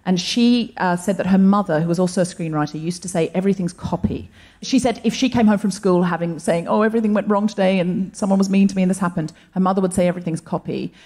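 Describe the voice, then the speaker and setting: A woman's voice: mid-range voice, fast, hardly any pauses, darkish tone. A woman co-host telling reflective stories to a live audience in a stand-up set. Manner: earnest, reflective storytelling. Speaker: co-host comedian. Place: comedy venue stage before a live audience.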